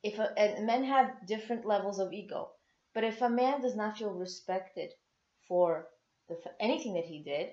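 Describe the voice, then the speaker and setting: A woman's voice: mid-range voice, normal speed, mellow. A woman giving earnest marriage advice to other women, emphatic and repeating words for stress. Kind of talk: motivational talk to women. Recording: echoey, dull lo-fi sound.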